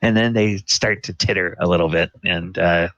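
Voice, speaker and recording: A man narrating a tabletop game as game master, in slow, halting speech full of fillers. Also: sits low, steady tone, fairly bright tone, dry recording. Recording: dull lo-fi dry recording.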